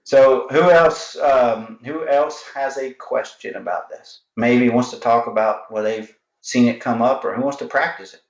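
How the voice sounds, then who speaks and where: A man's voice: medium pitch, measured pace, creaky, hardly any pauses. A man coaching salespeople on a live video call, acting out customer dialogues with energy. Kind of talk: live online sales training. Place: home office with alarms. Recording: roomy, dull lo-fi sound.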